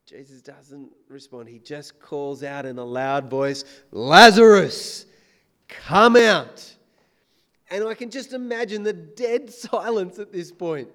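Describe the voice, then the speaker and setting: A man preaching a sermon, swinging between loud emphatic declarations and hushed, intense questions. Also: on the high side, measured pace, hardly any pauses.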